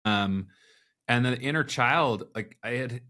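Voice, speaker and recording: A man's voice: medium pitch, a little slow. Man telling a candid personal story. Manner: candid, animated retelling with quoted inner dialogue. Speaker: podcast guest.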